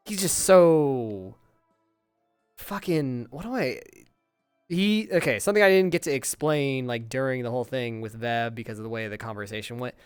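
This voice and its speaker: An animated, swearing streamer talks casually to viewers, rambling and exasperated. The voice is smooth and clean, close to the mic in a dry space. Faint music plays underneath. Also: medium pitch, dry recording. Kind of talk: casual out-of-character chat to viewers. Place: at home, recording in virtual reality.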